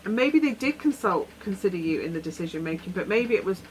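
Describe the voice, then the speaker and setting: A woman's voice: medium pitch, lively intonation, quick pace, a little hiss or hum, rough recording. A woman giving a rambling, earnest tarot reading, often acting out imagined conversations. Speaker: tarot reader. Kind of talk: weekly tarot reading, casual advice.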